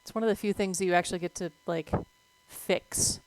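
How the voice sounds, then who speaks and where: A woman streaming a game and chatting casually about veterinary topics, moving between relaxed talk and excited yelps at the game. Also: lowish voice, a little fast, dry recording, low-quality recording. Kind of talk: casual gameplay commentary.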